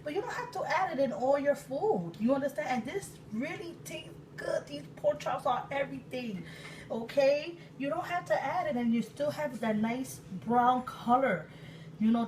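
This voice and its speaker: A woman from Puerto Rico in her thirties, an excitable, chatty cooking-channel host with sudden loud exclamations and laughter, talking casually in her home kitchen. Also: high-pitched, moderate pace. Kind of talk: casual cooking vlog chat. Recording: distant mic with room noise.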